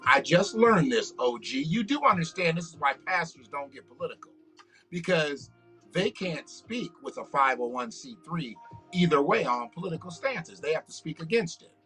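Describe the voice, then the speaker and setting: A man holds forth on his livestream in a blunt, profane, preachy way. His voice is bright and forceful and sits a little high. Faint music plays underneath. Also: expressive, normal speed. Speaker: livestream host. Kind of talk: casual political commentary livestream.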